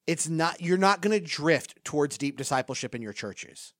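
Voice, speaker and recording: A man's voice: on the high side, lively intonation, normal speed, few pauses, fairly bright tone, no echo, clean studio sound. A man hosting a discussion podcast, talking in an impassioned, pleading way and often repeating himself. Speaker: podcast host. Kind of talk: casual discussion.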